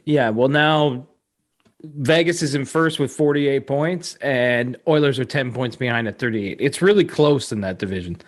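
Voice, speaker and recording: A man co-hosting a podcast, chatting casually, reciting stats and mocking others. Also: mid-range voice. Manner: quick to quote and mock others, reciting stats. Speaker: podcast co-host. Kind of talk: casual sports chat.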